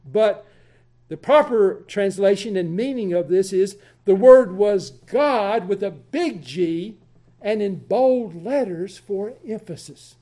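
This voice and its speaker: A man teaching a Bible study lesson, explaining deliberately and repeating key points for emphasis. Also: sits high, expressive, dark tone.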